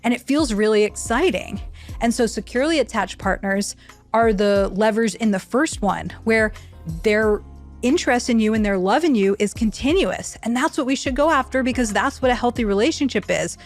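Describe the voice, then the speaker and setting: Woman, dating-advice explainer, earnest teacherly delivery, fairly high voice. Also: animated, moderate pace, faint music behind.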